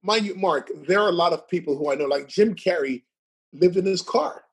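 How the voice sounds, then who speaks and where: A man's voice: high voice, brisk, husky. A man telling stories as a guest in a casual chat, who laughs often, keeps asking "right?" and stutters at times. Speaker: podcast guest.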